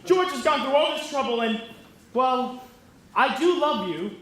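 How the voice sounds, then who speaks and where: A woman's voice: sits high, lively intonation, unhurried. A woman playing an earnest, lovesick young groom. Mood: pleading. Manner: earnest, pleading. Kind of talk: stage musical performance. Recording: very echoey stage hall.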